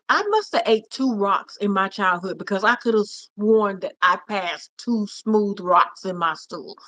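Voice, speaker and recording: A woman with a fairly high voice hosts a casual livestream. She talks in a chatty, affectionate way and greets her viewers as honey and cousin. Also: a bit bright. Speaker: livestream host. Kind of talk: casual live chat with viewers.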